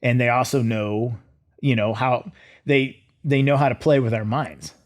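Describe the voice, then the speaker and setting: A middle-aged man speaks as a podcast guest at a mid-range pitch. He recounts a story in a relaxed, conversational way, with fillers and bits of dry humor. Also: measured pace. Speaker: military veteran interview guest. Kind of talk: casual storytelling in a podcast interview.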